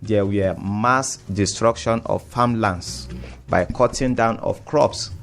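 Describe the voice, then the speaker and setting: A man, a community leader speaking as a studio guest in a formal, measured way. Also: on the low side, creaky, soft background music. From Nigeria. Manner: formal, measured account of events.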